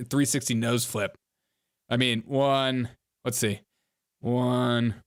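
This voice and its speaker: A man in an average pitch range hosts a loose reaction show. He talks casually, teases the clips he is watching and breaks into laughter again and again. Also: a bit bright, clean tone. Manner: mocking, laughs often while talking. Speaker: host.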